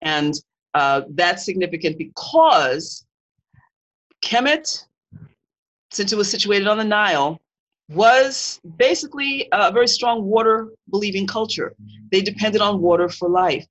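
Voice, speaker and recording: A Kemetic faith teacher giving a live-streamed talk, earnest and digressive, often pausing to search for words. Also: medium pitch, expressive, a bit bright. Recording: dull lo-fi stream audio.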